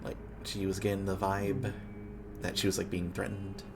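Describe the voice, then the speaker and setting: A man's voice: deep voice, completely flat delivery, moderate pace, background noise. A man playing a tabletop game, explaining hesitantly with many uhs. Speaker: player. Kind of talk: casual game chat.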